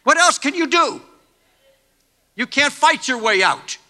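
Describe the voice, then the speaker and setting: A man preaching a sermon as pastor, impassioned, moving between hushed pleading and shouting. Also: very high-pitched, animated, measured pace, in a large hall.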